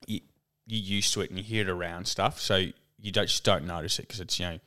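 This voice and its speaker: A man's voice: sits low, fairly even intonation, fast, sharp tone, clear, resonant tone. A young Australian man co-hosting a podcast, pushing back with dry, skeptical remarks. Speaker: podcast co-host. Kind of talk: casual chat.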